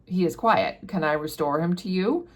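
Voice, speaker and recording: A woman's voice: lowish voice, animated, normal speed, natural voice. A woman doing a sneering aristocrat marquis. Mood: sarcastic. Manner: sarcastic, dismissive.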